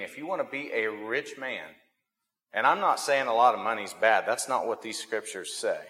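A man's voice: mid-range voice, a bit bright. A man preaching a sermon in a folksy, conversational way, telling stories and often repeating words as he thinks. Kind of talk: sermon with storytelling. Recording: long hall reverb.

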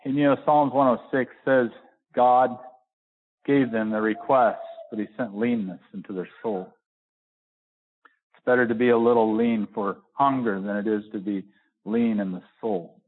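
A man preaching a sermon and reading scripture, folksy and full of restarts, rising to high emphatic peaks and slowing down hard to stress key words. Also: fairly even intonation. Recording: narrow phone-like sound.

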